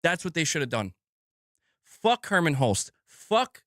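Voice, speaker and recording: A man's voice: on the high side, sing-song, a little slow, long pauses, fairly bright tone, no room sound, studio quality. A man hosting a gaming news channel, delivering an angry, heated rant full of swearing and repeated phrases.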